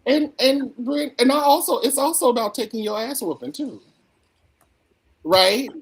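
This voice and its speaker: A woman's voice: a little high, unhurried, breathy edge. A woman co-hosting a casual podcast conversation, telling stories emphatically over a video call. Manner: emphatic, animated storyteller.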